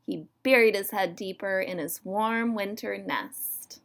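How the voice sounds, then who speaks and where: A woman reading a picture book aloud and talking gently to children about the signs of spring. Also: mid-range voice, slow pace, gravelly, hardly any pauses. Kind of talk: children's read-aloud and nature talk.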